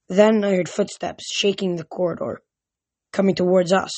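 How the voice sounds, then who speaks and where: Halting amateur audiobook narrator. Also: mid-range voice, steady tone, a little mellow, no echo. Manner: halting, with frequent restarts. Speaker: audiobook reader.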